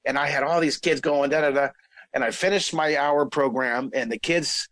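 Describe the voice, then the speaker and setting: A middle-aged man telling a story in a casual interview, animated, restarting sentences and acting out what people said. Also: a little high, moderate pace, no room sound, poor audio. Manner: animated, lots of restarts, acts out quoted voices. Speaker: guest telling his career story.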